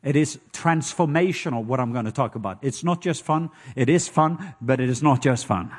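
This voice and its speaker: A middle-aged man with a Norwegian accent preaching a sermon, telling stories with lively call-and-response and acting out sounds with loud hoots and croaks. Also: medium pitch, normal speed. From Norway. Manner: animated storytelling with call-and-response.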